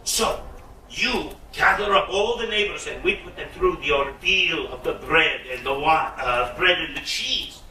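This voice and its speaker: A man's voice: on the high side, measured pace, pushed and bright, slight background noise. A man playing sly trickster Bruno. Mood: commanding. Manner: coaxing, conspiratorial. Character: sly, scheming male trickster friend. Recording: roomy echo, mic at a distance.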